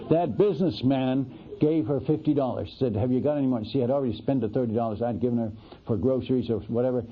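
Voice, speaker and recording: A man, a missionary preacher, tells a story from the pulpit in an animated, folksy way, often restarting his sentences. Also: mid-range voice, breathy edge. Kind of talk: storytelling sermon. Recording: tinny, lo-fi radio broadcast.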